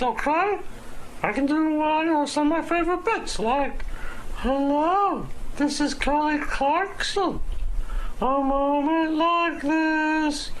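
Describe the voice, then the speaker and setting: Squeaky falsetto chatterbox; faint hiss under it. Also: male voice, fairly bright tone, full character voice, poor audio. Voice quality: high squeaky, breezy. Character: squeaky high-voiced man, eager and flamboyant. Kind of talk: prank impression on radio.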